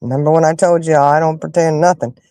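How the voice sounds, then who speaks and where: A woman hosting a casual chat with her viewers, telling stories in an animated, emphatic way and fussing loudly when annoyed. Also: low-pitched, quick pace, no room sound. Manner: animated, emphatic storyteller who rants and fusses. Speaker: livestream host chatting with viewers.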